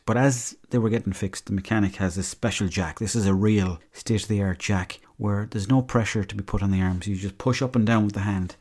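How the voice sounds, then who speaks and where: A man's voice: on the low side, a little mellow. A man with an Irish accent, hosting a podcast as a rambling comic monologue, full of swearing and asides. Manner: rambling, profane storytelling. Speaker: podcast host.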